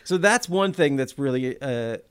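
A man in the middle of the male range co-hosting a casual film discussion. He talks with enthusiasm and thinks aloud, often drawing words out slowly or restarting a sentence before he goes on. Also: medium pitch, animated, clean tone. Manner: thoughtful, enthusiastic, drawn-out words and frequent restarts. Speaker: podcast co-host.

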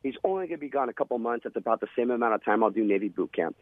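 A man's voice: mid-range voice, lively intonation, rapid-fire, dry recording. A man, a former Navy SEAL, telling a vivid, dramatic story in an interview. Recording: tinny phone-line sound.

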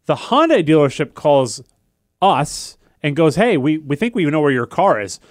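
Animated young man telling a story. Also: a little high, moderate pace, no room sound, clean studio sound. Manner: animated storyteller acting out quoted voices. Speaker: podcast co-host. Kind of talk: casual chat, storytelling.

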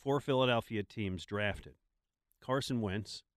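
A man's voice: on the low side, measured pace, no echo, studio quality. A man co-hosting a sports talk show, posing questions in casual chat with a wry manner and frequent restarts. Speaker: sports radio co-host.

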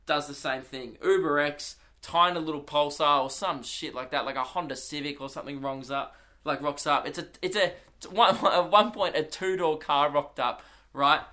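A man's voice: a little high, fairly even intonation, normal speed, bright, forceful tone. A young Australian man, a comedian, chatting casually on his solo podcast and telling rambling, swearing anecdotes in an Australian accent.

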